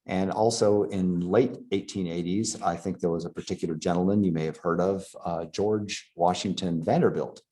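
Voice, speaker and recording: Man, very deep voice, halting slide lecture, lots of ums and restarts. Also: fairly even intonation, dark tone. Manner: halting, many fillers and restarts.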